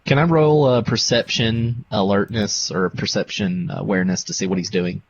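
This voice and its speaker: A man playing a tabletop game in character, giving slow, deliberate commands. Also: lowish voice, fairly even intonation. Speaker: player. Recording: dull lo-fi with faint noise.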